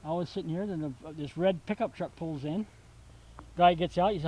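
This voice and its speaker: An older man chatting outdoors about his garden and land, his voice sitting high for a man. He tells stories in a homespun, rambling way, stopping and restarting often, as if talking to a camera mic on a walk. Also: dark tone, poor audio. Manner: folksy storyteller, halting with fillers. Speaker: vegetable stand owner. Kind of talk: casual chat on a walking tour. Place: outdoors at a rural home.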